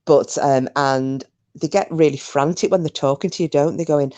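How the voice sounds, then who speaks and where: A woman's voice: low-pitched, moderate pace, mellow. Chatty British woman hosting a livestream. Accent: British English. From United Kingdom. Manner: chatty, swears freely, mocking. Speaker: livestream host. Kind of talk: casual live chat with viewers.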